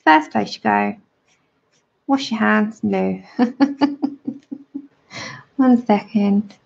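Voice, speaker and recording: A woman's voice: medium pitch, drawn-out words, gravelly, darkish tone, husky. A woman giving a chatty, friendly drawing tutorial on a livestream. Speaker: art tutor. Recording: dull lo-fi livestream audio.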